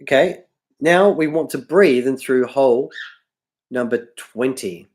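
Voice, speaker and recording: A man's voice: medium pitch, measured pace, heavy background noise. A man teaching harmonica on a livestream, tired and losing his voice, rambling and correcting himself often, with harmonica playing behind him. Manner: rambling, self-correcting, apologetic. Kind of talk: livestream music tutorial.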